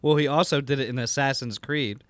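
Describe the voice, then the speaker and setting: A man's voice: medium pitch, brisk, a bit bright, dry recording. A man with an ordinary mid-range voice co-hosts a podcast in a wry, matter-of-fact way, teasing his partner. The sound is close and dry. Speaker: podcast co-host. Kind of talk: casual film review chat.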